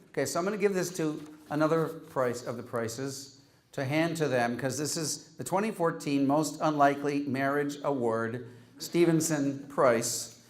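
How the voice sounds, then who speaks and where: Wry man handing out joke awards. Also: on the high side. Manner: wry, teasing, reads Latin quotes aloud. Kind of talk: humorous after-dinner award speech.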